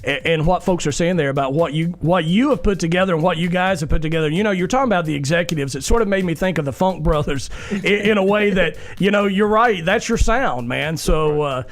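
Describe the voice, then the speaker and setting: A man's voice: on the high side, brisk. A man co-hosting a radio interview, upbeat and chatty, laughing often. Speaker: radio show co-host.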